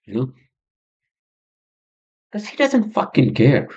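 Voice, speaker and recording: Slow and medium-pitched, his voice swoops wildly up and down, with a darkish, slightly rough tone. The man hosts his own podcast and delivers an agitated, rambling vent laced with swearing and fillers, recorded with a dull lo-fi quality.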